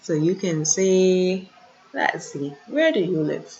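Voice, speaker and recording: A woman teacher, patiently running an online French lesson and repeating words slowly, recorded on a computer mic. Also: lowish voice, expressive, darkish tone, muffled recording. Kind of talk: online lesson over shared slides.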